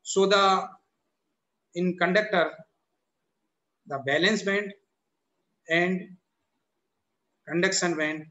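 A man with an Indian English accent giving a university lecture, halting and repetitive, often restarting with "so the" and "or we can say". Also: a little high, fairly bright tone, roomy sound, low-quality recording. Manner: halting, repeats itself, frequent "so the" and "or we can say" restarts. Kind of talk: recorded classroom lecture.

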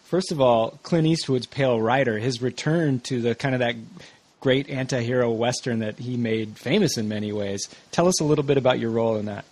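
A man hosting a podcast, prompting his guest with brisk, upbeat questions. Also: medium pitch, darkish tone. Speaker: podcast host. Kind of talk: interview questions.

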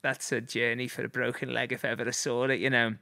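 A man's voice: mid-range voice, flat delivery, fast talker, gravelly, sharp tone, no echo, studio quality. A man in his forties with a Liverpool accent, telling rambling anecdotes as a guest, full of fillers and chuckles. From Liverpool, England. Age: 40s. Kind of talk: casual storytelling.

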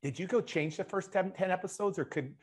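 A man hosting a live interview show, energetic, often restarting and speaking to the chat audience. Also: high voice, brisk, husky. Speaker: show host.

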